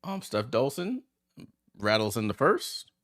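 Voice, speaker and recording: Man, gravelly voice, casual play-by-play, excitable watchalong host. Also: mid-range voice, unhurried. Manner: chatty and excitable, reacting aloud to plays. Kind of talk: casual live play-by-play commentary.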